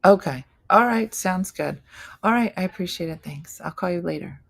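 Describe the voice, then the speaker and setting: A woman's voice: lowish voice, animated, moderate pace, vocal fry, breathy edge. A woman hosting a casual morning show, chatting loosely and switching between tasks and asides. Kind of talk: casual chat while working.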